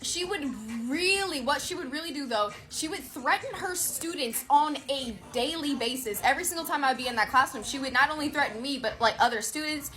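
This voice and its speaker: A woman telling a personal story in a casual storytime monologue, animated, blunt and profane. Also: sits high, brisk, few pauses.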